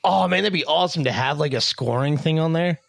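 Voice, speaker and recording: A man's voice: a little high, fast, gravelly, no room sound. A man guesting on a podcast, swearing and flustered in casual chat. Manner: swearing, flustered, self-deprecating. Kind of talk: casual banter.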